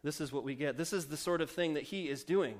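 Male pastor, fairly high voice, loose and jokey sermon delivery. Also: fast talker. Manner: joking, self-mocking, chatty with fillers.

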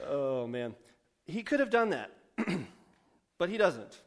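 Joking male preacher, slightly high voice. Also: very animated, slow pace, pauses often. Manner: joking, self-mocking, chatty with fillers. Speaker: pastor. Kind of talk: sermon.

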